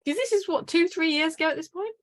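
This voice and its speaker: A woman's voice: very high-pitched, fast. A woman co-hosting a podcast, chatting casually with wry, opinionated takes. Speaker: podcast co-host. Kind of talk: casual chat.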